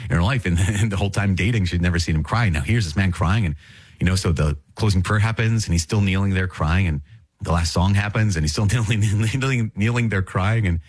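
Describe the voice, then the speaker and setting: On his podcast, a man with a deep, slightly husky voice teaches the catechism, reading a passage and then unpacking it in an earnest, conversational way at a fairly quick pace. He repeats key phrases for emphasis, and the sound is close and dry, with no room around it.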